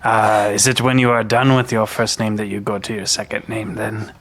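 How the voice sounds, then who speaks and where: A player voicing a small, earnest kobold in a tabletop game, who speaks haltingly and hesitantly. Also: medium pitch, level tone, fairly bright tone, a little hiss or hum, lightly acted. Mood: puzzled.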